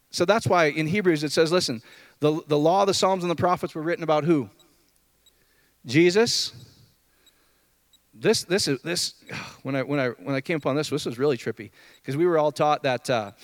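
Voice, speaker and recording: Animated man preaching a casual sermon. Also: a little fast, no room sound. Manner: animated, jumps between loud high outbursts and low murmurs; conversational, asks the room questions. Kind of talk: informal sermon to a group.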